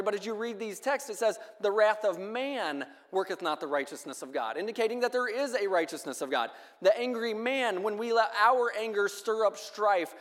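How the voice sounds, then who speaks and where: A man preaching a sermon at a measured pace, reading scripture aloud in a church hall. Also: high-pitched. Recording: long echo of a hall.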